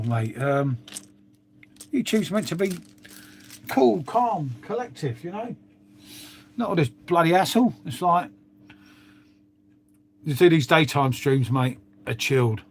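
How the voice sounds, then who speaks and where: Middle-aged man, London accent, rambling livestream chat, swears a lot, slightly high voice. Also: a little hiss or hum. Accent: London English. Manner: rambling, swears, frequent "mate" and tag questions. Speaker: livestream host. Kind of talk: casual chat to live viewers.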